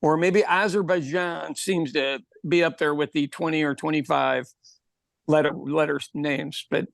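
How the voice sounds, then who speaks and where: A man's voice: a little high, steady tone, unhurried, gravelly, no echo, clean studio sound. A man from Ireland co-hosting a podcast in casual chat, laughing often and repeating words as he starts. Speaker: podcast co-host.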